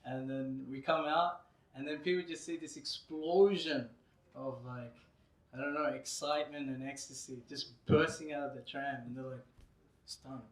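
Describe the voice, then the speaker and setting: A man giving a devotional lecture as a lively storyteller who laughs often and says "you know" a lot, heard in a roomy hall through a distant mic. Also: medium pitch, moderate pace. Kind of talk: anecdotal religious lecture.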